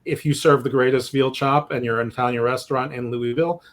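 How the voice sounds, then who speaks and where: A man's voice: medium pitch, fairly even intonation, quick pace. Rambling man on a sports podcast. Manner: rambling, stammering restarts, self-deprecating jokes. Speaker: podcast co-host. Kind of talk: casual sports podcast chat.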